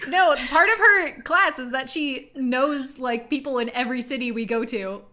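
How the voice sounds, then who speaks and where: A woman's voice: high voice, moderate pace, sharp tone. A woman player in a tabletop game, chatting casually, rambling with many fillers and frequent laughs.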